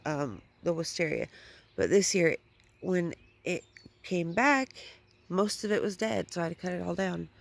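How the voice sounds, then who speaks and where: A woman giving a casual, chatty gardening vlog outdoors in her front yard, swearing at times, filmed on a handheld phone. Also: fairly low pitch. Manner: chatty, swears when annoyed. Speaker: vlogger.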